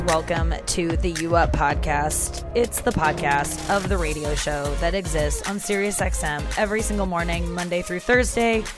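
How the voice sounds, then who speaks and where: A woman comedian hosting a casual podcast, chatty and rambling with lots of fillers, recorded on the go in the back room of a hair salon. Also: lowish voice. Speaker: comedian and radio host. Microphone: portable setup recorded on the go, not a studio.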